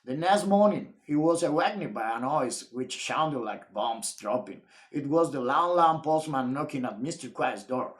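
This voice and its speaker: A man reading a children's picture book aloud in a playful, expressive storytime style. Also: medium pitch, moderate pace, hardly any pauses. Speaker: storytime reader.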